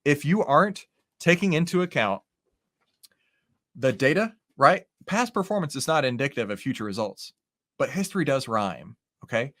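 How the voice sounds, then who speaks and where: A man with a medium-pitched voice and a moderate pace hosts a live stock-trading stream, walking through charts and chatting casually with viewers. He's lively and animated, often tossing in "right?" and "okay?" as he gives this casual market commentary.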